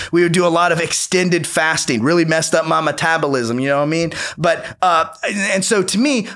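High-voiced laid-back man. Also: bright, forceful tone. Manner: loose, playful, slangy, with restarts. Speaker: meditation course host. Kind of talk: casual Instagram Live talk.

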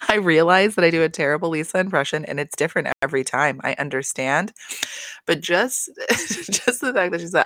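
A woman's voice: lowish voice, animated, moderate pace, fairly bright tone, dry recording, clean studio sound. A woman giving a casual, chatty recap of a reality show, swearing freely and laughing between points.

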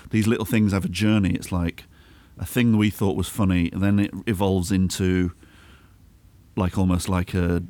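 A man hosts a comedy chat with a low voice and an easy, rambling delivery. He needles his guest in a teasing, mock-bullying way. He often cuts himself off and restarts his sentences. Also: flat delivery, normal speed, mellow, no room sound. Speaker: comedy podcast host.

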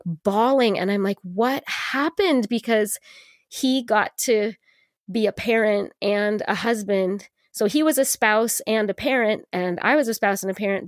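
A woman talks through a book with a co-host in an earnest, casual way, full of fillers and quick restarts. Her voice sits at a middle pitch for a woman. The sound is dry and close, with no room around it. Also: dry recording.

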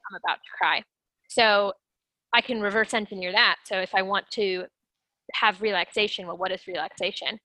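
A woman speaking as an interview guest, explaining things in an animated way and acting out her own inner voice. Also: medium pitch, moderate pace, no room sound, rough recording. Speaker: guest, sales development rep. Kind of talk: conversational interview.

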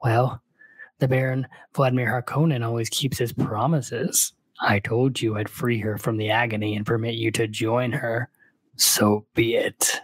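A man voicing a cruel, scheming nobleman villain during a book read-aloud, with slow, drawn-out, gloating delivery. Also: mid-range voice, little pitch movement, no echo, lightly acted.

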